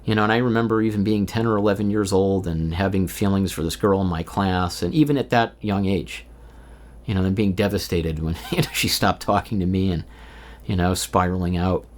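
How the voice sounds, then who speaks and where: A man's voice: sits low, a little fast. A man in his thirties talking alone in an unscripted stream-of-consciousness monologue, rambling and candid, swearing often. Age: 30s. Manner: rambling and candid, with frequent profanity and filler. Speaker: vlogger. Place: indoors, recording alone.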